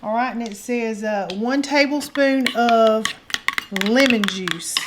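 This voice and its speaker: An older woman chats through a recipe in a folksy, affectionate way, fairly high in pitch. She is recorded in an echoey home kitchen with faint background noise. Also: slow pace. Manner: folksy, affectionate, calls viewers honey and y'all. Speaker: cooking show host. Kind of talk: casual home cooking chat.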